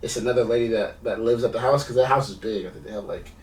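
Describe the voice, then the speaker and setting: Fast-talking man, echoey far-off audio. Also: medium pitch, a little mellow. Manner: quick, easygoing banter. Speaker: podcast co-host. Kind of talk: casual chat. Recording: roomy, distant mic.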